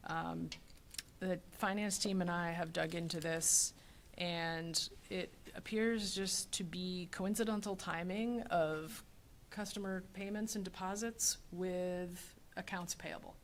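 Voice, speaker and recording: A woman presenting financial figures at a public meeting, speaking in a measured way with frequent hesitations. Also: on the low side, fairly even intonation, slight background noise.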